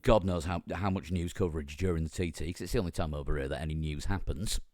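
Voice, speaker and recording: A man hosting a casual podcast with a croaky, strained voice, joking and laughing often between his ums. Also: deep voice, fast talker, darkish tone, no echo. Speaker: podcast host.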